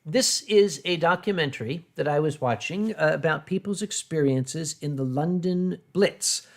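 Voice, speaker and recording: A man hosting a casual drinking livestream, talking in a blunt, brash and animated way. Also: fairly high pitch, moderate pace. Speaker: livestream host. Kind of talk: casual drinking-stream chat.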